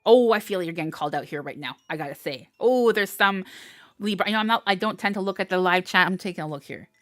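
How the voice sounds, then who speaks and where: A woman's voice: fairly low pitch, fast talker, dry recording. A woman giving a live collective tarot reading, talking in a chatty, upbeat way and laughing often. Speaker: tarot reader.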